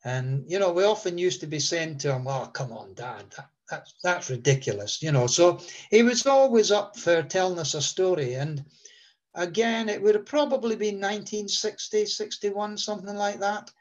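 A man's voice: sits high, moderate pace. A man, a guest telling a long story in a rambling way with many fillers. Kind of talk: relaxed storytelling.

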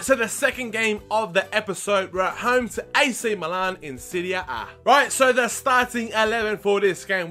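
Young guy, gameplay commentary, high-pitched, bright edgy tone, shouts when excited. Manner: excitable, shouts at big moments, chatty. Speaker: gaming video host.

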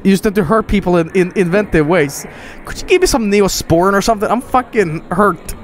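Young male streamer, high lively voice, faint background hiss; excitable, sweary let's-play commentary. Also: brisk. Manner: excitable, swearing, laughing, reading game lines aloud.

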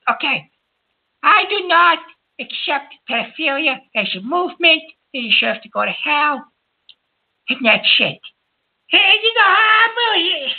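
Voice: extremely high pitch, heavily acted. A performer voicing a hot-tempered uncle who hosts a call-in show and scolds and hangs up on callers. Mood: angry. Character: excitable Italian-American uncle, a man. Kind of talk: prank call-in radio banter. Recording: tinny phone-line sound.

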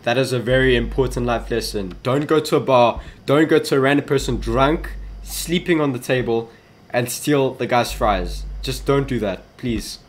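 A man's voice: mid-range voice, moderate pace. A young man giving jittery commentary on a horror game he is playing, talking back to it and yelping when startled. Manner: jittery, talks to the game, yelps in panic. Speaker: gaming YouTuber.

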